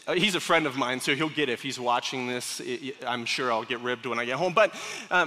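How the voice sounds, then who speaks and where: A man's voice: sits high, pushed and bright. A male pastor preaching a sermon in a large church, conversational and given to joking asides to the congregation. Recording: long hall reverb. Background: congregation laughing at times.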